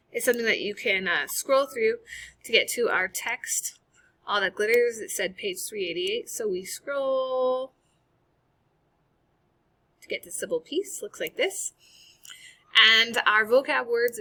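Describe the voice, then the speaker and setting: A woman teacher walks through an online class assignment in a casual, upbeat way, with plenty of ums along the way. Her voice is bright and clear, and she sounds like she is talking into a computer mic at her desk. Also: medium pitch. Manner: casual, upbeat, chatty with fillers. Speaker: high school English teacher. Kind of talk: recorded screen-share lesson walkthrough.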